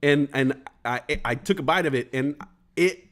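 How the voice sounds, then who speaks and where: A man in his forties with a mid-range voice speaks at a moderate pace while hosting a casual live stream. Joking and animated, he reads viewer chat aloud and acts out the voices he's quoting.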